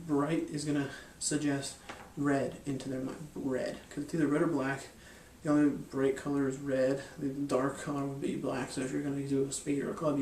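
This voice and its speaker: A man's voice: medium pitch, a little mellow, echoey room, far from the mic, slight background noise. Rambling man teaching a magic trick. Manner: rambling, hesitant, with many fillers and restarts. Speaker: magic and hypnosis instructor. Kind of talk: casual instructional explanation.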